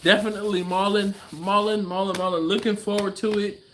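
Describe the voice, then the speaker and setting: A man's voice: high voice, little pitch movement, brisk, few pauses, a bit bright, slight background noise. A man hosting a casual livestream from his garage, chatting loosely and reading out viewer comments with easy laughs. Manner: laid-back, chatty, laughs often, trails off. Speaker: livestream host. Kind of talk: casual live-stream chat reading comments.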